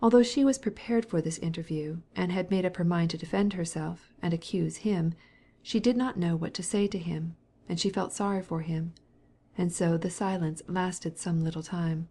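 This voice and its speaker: A woman narrating a classic novel as an audiobook, in a measured, soft-spoken reading. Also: fairly low pitch, fairly even intonation, husky. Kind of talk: scripted narration.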